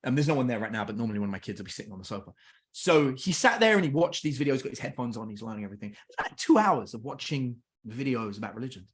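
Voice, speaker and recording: Middle-aged English man, podcast guest, chatty storyteller who acts out dialogue, mid-range pitch. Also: very fast, a little hiss or hum. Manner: lively anecdotes, acts out family dialogue. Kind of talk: casual storytelling.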